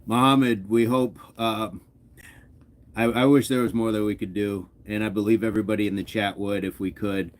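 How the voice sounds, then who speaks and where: A man's voice: on the low side, steady tone, moderate pace. A man hosting a fitness livestream, casually reading viewers' comments aloud and chatting back with an easygoing, laughing manner.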